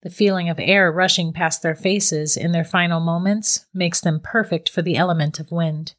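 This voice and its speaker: A woman's voice: on the low side, moderate pace, close to an everyday voice. Woman reading as a cold, mocking witch. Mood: cool, teasing. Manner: calm, matter-of-fact and mocking. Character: cold, teasing middle-aged female witch captor. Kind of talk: storybook reading.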